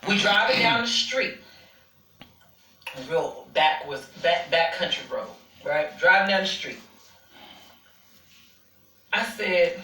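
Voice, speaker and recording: A woman's voice: on the low side, expressive, slow pace, long pauses, sharp tone, reverberant, far from the mic, a little hiss or hum, rough recording. A woman host telling a personal story to her viewers in a sassy, casual way, calling them honey and swearing freely.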